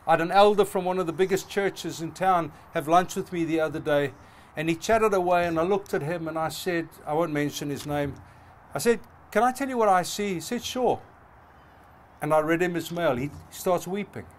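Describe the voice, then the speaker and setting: A man's voice: on the high side, brisk. A middle-aged male pastor preaching a sermon, passionate and emphatic, building through repeated phrases. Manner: passionate, emphatic with rising repetitions.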